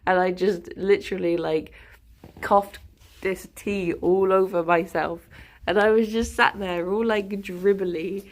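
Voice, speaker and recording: Slow-talking, gravelly streamer woman chatting. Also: lowish voice. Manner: rambling, chatty, with lots of fillers. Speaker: live streamer. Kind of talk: casual chat on a live stream.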